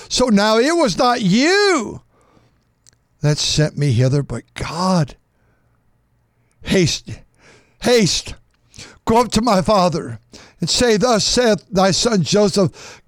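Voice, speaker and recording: A man preaching a sermon, reading scripture aloud and repeating phrases for emphasis, swinging from loud outbursts to hushed tones. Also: high-pitched, dry recording, clean studio sound. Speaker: pastor.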